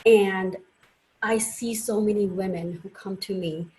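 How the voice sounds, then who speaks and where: A woman's voice: medium pitch, fairly even intonation, measured pace, a little mellow, poor audio. A woman doctor giving a conference presentation, telling personal stories in an earnest way with frequent fillers. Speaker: doctor and guest speaker.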